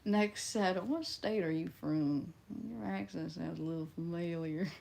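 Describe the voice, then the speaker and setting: A woman's voice: on the low side, animated, measured pace, creaky. A woman with a Midwestern twang, casually chatting on a livestream and answering viewer comments in a blunt, offhand, profane way.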